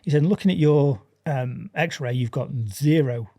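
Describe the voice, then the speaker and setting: A man's voice: fairly high pitch, unhurried, dark tone. A man chatting as a podcast guest, animatedly acting out dialogue and laughing often. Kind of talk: casual chat.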